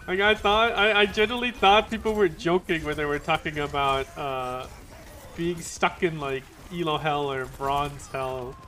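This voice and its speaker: A man streaming a competitive shooter game, chatting to viewers with excitable exclamations and self-mocking jokes. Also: on the high side, normal speed, slight background noise. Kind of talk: live gaming stream commentary.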